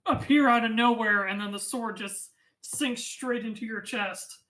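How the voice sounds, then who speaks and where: A woman running a tabletop game as game master, narrating the action and reading out rules in a casual, quick way. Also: on the high side, fairly bright tone, low-quality recording.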